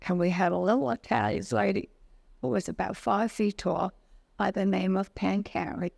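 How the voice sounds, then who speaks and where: An older woman in an interview, telling lively anecdotes about her past and acting out the people in them. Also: medium pitch, normal speed. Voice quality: creaky. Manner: lively anecdotal storytelling, acts out quoted dialogue. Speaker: interviewee, retired business owner. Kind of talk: storytelling interview.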